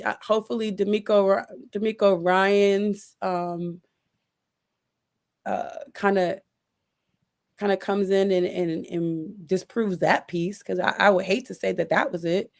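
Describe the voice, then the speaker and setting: A woman's voice: mid-range voice, steady tone, a little slow, a little mellow. A woman hosting a casual sports chat, talking emphatically with frequent restarts and repeated exasperated questions. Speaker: sports podcast host.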